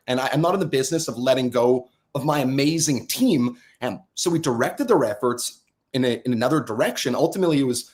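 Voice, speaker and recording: A man, a game studio founder from Canada, explaining his business on a casual podcast, animated and a bit boastful. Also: mid-range voice. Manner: animated, quick to laugh, boastful.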